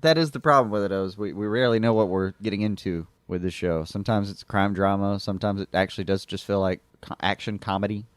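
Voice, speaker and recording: A man's voice: lowish voice, fast talker, hardly any pauses, smooth, dry recording. A man co-hosting a podcast, wry and casual, swearing and chuckling as he reviews an episode. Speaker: podcast co-host.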